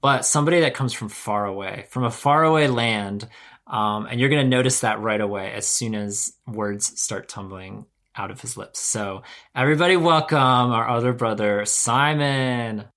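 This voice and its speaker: A man's voice: mid-range voice, normal speed. An American man hosting a podcast, chatting eagerly and rambling with frequent restarts. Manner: warm enthusiastic rambling, self-correcting. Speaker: podcast host and co-founder editor. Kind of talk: casual podcast chat.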